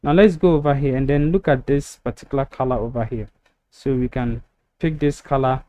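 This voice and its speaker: A man's voice: medium pitch, fairly quick, warm tone. A man walking through a website-building tutorial step by step, narrating over a screen recording with frequent ums. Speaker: web design tutor.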